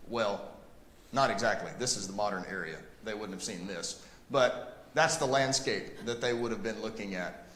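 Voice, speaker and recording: Emphatic man teaching in an echoey room. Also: mid-range voice. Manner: animated, emphatic, talks straight to the class. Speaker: Bible class teacher. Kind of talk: Bible class lecture. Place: church classroom. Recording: echoey room with long reverb.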